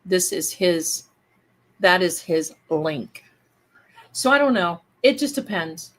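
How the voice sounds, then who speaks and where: A woman's voice: fairly low pitch, animated, slow pace, fairly bright tone. A woman hosting a casual livestream, chatting and rambling to her viewers. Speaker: live-stream host.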